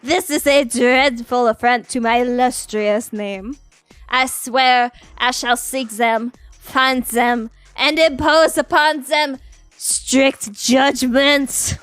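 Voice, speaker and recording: A woman's voice: high voice, fairly even intonation, slow, fairly bright tone, clear, resonant tone, dry recording, faint music behind. A woman doing a pompous indignant nobleman.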